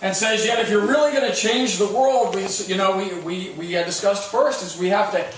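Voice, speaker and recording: A male pastor delivers a sermon in a slightly higher voice, telling stories in a relaxed, conversational way with frequent restarts. He is recorded from a distance in a very echoey church hall with a faint hum of room noise. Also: fairly quick. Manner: storytelling with sports anecdotes, many restarts. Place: church sanctuary.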